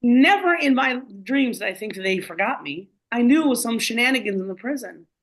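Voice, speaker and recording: A woman telling her story in a casual, animated way, rambling with many fillers. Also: on the high side, brisk, low-quality recording. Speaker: guest speaker.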